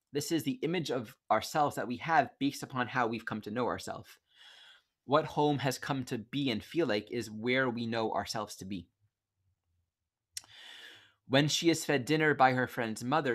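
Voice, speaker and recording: A man teaches astrology over a video call, speaking gently and reflectively at a middle pitch. He pauses and corrects himself as he goes. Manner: gentle, reflective, reads quotes aloud with self-corrections.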